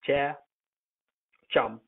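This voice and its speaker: A man teaching English pronunciation in a relaxed lesson, calling out single words loudly and explaining them with hesitant pauses. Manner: hesitant, many uh fillers, thinks aloud. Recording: tinny phone-quality recording.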